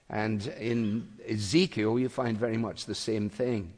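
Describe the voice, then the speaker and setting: A man preaching an expository sermon in a measured, explanatory way, with occasional fillers. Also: lowish voice, darkish tone, big-room sound. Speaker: pastor.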